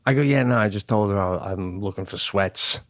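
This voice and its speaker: Man podcast co-host, comic storytelling, animated, dry close mic. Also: on the low side, a little fast, dry recording. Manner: animated, swears freely, acts out quoted voices. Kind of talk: casual comedic storytelling.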